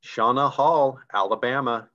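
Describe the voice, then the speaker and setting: A man's voice: medium pitch, unhurried, pushed and bright. Enthusiastic man on dull video-call audio. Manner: enthusiastic, chatty explaining ranks. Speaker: co-host reading recognition names. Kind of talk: live online recognition announcing.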